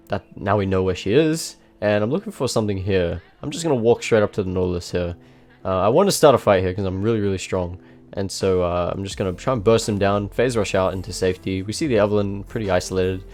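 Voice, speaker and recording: A man's voice: low-pitched, darkish tone. A young man giving casual, rambling gameplay commentary, swearing often and restarting his sentences. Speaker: gaming video creator. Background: faint background music.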